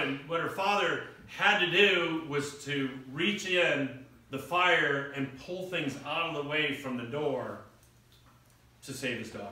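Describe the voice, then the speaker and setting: Bright-voiced preacher in an echoey hall. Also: male voice, a little high. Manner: storytelling with acted quotes and rising emphasis. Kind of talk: sermon. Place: church hall. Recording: echoey room picked up from far off.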